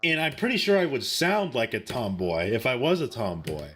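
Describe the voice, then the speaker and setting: A man's voice: medium pitch, very animated, normal speed, fairly bright tone, husky, faint music behind. A young man streaming a game and defensively joking back at his chat. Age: young adult. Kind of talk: casual live-stream chat.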